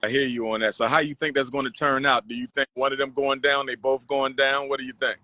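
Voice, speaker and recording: A man preaching emphatically, bright and forceful. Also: mid-range voice, little pitch movement, fast, dry recording. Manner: preacherly, emphatic, repeats phrases. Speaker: host. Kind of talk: casual street interviews and commentary.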